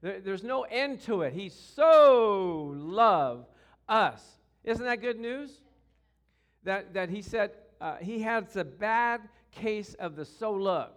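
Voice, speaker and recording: A man preaching a sermon as pastor, lively and calling for responses from the congregation. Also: high voice.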